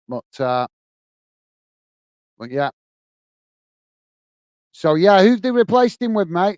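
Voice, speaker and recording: British man, live match watch-along host, chatty, slightly high voice, smooth clear tone, dry close mic. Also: dry recording. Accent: British English. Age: adult, working age. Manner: chatty, reads out viewer comments, calls everyone mate. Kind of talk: casual live commentary and chat. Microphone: earpiece and close mic.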